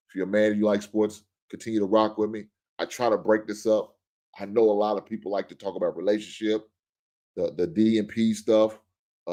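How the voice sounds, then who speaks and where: A man with a low voice rants bluntly as the host of his own show, joking between points. He talks in a loose, casual monologue. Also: darkish tone. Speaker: podcast host.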